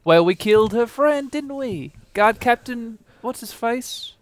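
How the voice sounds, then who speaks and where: A man co-hosting a video game playthrough in casual, joking commentary, quick to laugh. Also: very high voice, expressive, a little hiss or hum. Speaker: let's play co-host.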